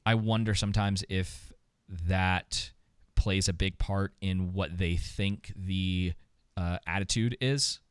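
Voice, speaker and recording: A man's voice: low voice, steady tone, slow, clear, resonant tone, no echo, clean studio sound. A man co-hosting a podcast, thinking aloud in a casual reaction chat. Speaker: podcast co-host.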